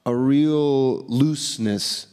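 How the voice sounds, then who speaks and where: A man's voice: medium pitch, extremely slow, darkish tone. A man with a mid-range voice answers on a press panel. He halts and restarts, searching for words, with light laughter.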